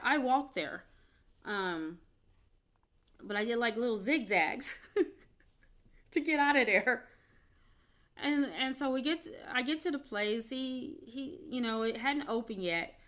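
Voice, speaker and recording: Woman candidly telling a personal story. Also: a little high. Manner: candid, halting, grows animated when retelling. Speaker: vlogger.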